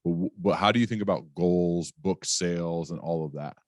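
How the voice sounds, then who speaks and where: Very deep-voiced male podcast host. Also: normal speed, no room sound, studio quality. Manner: searching, filler-heavy questioning. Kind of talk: interview questions.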